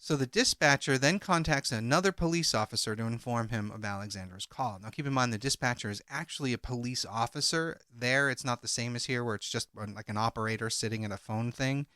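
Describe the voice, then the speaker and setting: A man co-hosting a podcast, retelling a crime case and reading call transcripts aloud in a measured way. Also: mid-range voice, bright, forceful tone, dry recording, studio quality. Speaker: podcast co-host. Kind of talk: casual true-crime podcast chat.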